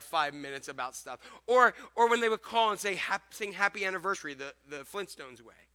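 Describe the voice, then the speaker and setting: A man preaching a sermon as pastor, joking and acting out scenes. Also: sits high. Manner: animated, joking, acts out scenes.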